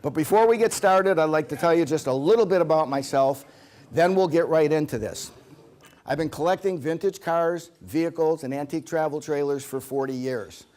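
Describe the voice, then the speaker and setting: A man's voice: on the high side, moderate pace, darkish tone. A man giving a humorous seminar to a live audience, telling jokes and acting out quotes. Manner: joking storyteller, acts out quotes. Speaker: seminar presenter.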